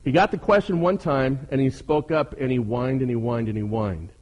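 A man's voice: mid-range voice, moderate pace, a little mellow, rough recording. A male pastor preaching a sermon, asking his listeners questions and pressing his points with emphasis.

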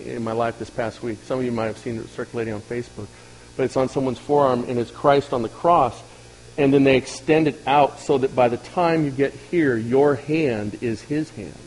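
A pastor giving a sermon, moving between loud emphatic peaks and quiet, intimate asides. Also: male voice, medium pitch, a little hiss or hum, poor audio.

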